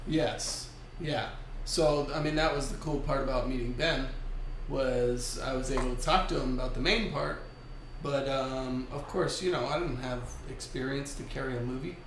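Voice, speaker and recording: A man's voice: medium pitch, normal speed, fairly bright tone. A man co-hosting a podcast in casual chat, joking and laughing often. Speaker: podcast co-host. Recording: roomy echo, faint noise.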